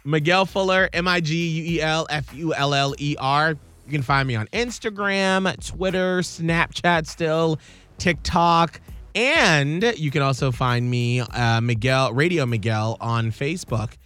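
A man hosting a radio show, chatting casually in an animated, jokey way. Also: fairly high pitch, measured pace, clean tone, faint music behind. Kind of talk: casual chat.

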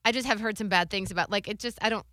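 Animated woman telling a story. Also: medium pitch, rapid-fire, no echo, clean studio sound. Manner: animated storytelling, acts out quotes. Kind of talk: casual chat.

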